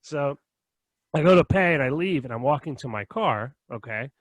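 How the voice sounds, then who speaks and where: A young man on a podcast telling a story in casual chat, animated and profane, often checking in with "right?" and "okay?". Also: on the high side, moderate pace, dry recording. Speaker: podcast co-host.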